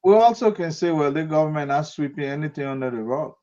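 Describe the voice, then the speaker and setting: A man, higher than most, co-hosts a talk show and cuts in with short, halting remarks. His voice comes through dull and lo-fi. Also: animated, crowd noise. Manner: interjecting, halting restarts. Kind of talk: live talk show discussion.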